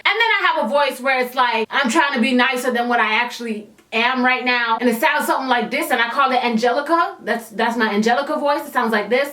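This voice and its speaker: A woman YouTuber telling a storytime vlog in a sassy, slangy and animated way. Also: sits high, quick pace, few pauses, reverberant, a little hiss or hum.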